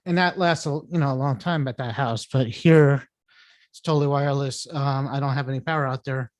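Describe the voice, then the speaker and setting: A man's voice: medium pitch, steady tone, brisk, no echo. A male co-host chatting casually and telling long, wandering stories. He often restarts his sentences and breaks into laughs. His voice is dry and close to the mic. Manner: rambling storyteller, restarts and laughs. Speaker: podcast co-host. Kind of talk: casual chat.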